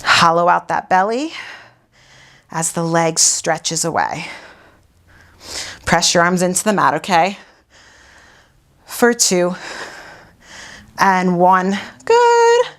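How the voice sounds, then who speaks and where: A woman instructor counts and cues a mat workout at an unhurried pace, her voice sitting a little low. She exercises along with the class, so she sounds winded, with sighs and breaths between the cues. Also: fairly bright tone. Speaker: pilates instructor.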